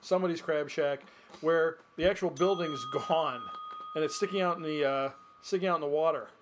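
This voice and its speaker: A man co-hosting a casual podcast, relaxed, explaining in halting bits. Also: a little high, noisy background. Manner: relaxed, many brief agreements, halting explanations. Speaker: podcast co-host. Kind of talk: casual chat.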